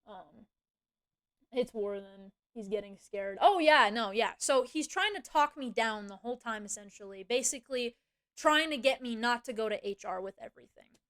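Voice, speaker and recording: Ranting woman streamer, higher voice. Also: lively intonation, moderate pace, fairly bright tone. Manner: profane, ranting, lots of fillers and restarts. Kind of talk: casual venting chat.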